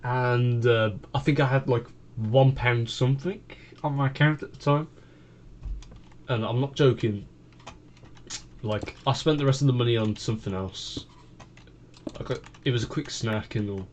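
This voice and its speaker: A man's voice: mid-range voice, moderate pace, pauses often, a little hiss or hum. A British man casually telling a rambling story, full of fillers and restarts. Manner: rambling, full of fillers and repeated "I kid you not". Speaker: gaming vlogger.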